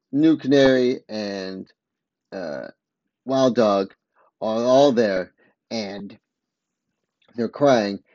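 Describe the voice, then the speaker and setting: A man's voice: mid-range voice, a little mellow, no echo, dull audio. A man giving a casual spoken recap, rambling along and often stopping to correct himself mid-sentence.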